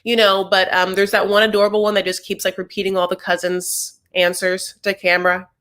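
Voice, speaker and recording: A woman's voice: medium pitch, flat delivery, a little fast, fairly bright tone. A young adult woman hosting a casual TV recap, chatty and sassy with rambling asides. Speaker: host.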